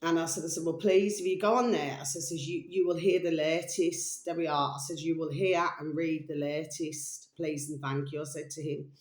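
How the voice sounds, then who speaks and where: A woman's voice: low voice, fairly even intonation, moderate pace, hardly any pauses, a little mellow, reverberant. A woman vlogging in a rambling, repetitive monologue with plenty of swearing.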